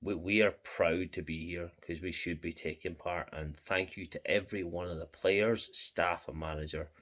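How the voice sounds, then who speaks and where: A man's voice: sits low, fairly even intonation, moderate pace, fairly bright tone. A young Scottish man from Scotland, talking as a football fan vlogger, emotional and heartfelt, repeating his thanks. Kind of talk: passionate fan reaction vlog.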